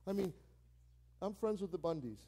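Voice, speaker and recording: Animated higher-voiced man preaching. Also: moderate pace. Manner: animated, repeats key phrases for emphasis; acts out quoted phone calls with playful voices. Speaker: pastor. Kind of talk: sermon.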